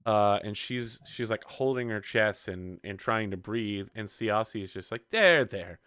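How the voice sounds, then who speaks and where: Young guy gm narrating a tabletop game, smooth clear voice, dry sound. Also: on the low side, unhurried, no echo. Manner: relaxed, explains rules with frequent laughs. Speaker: game master.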